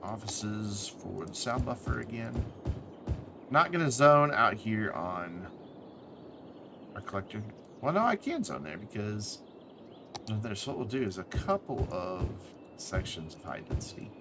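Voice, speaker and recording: A man's voice: fairly low pitch, sing-song, measured pace, vocal fry, music in the background. A man thinking aloud as he plays a city-building game on a live stream, correcting himself as he goes, tired and with the hiccups. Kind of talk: casual gameplay commentary.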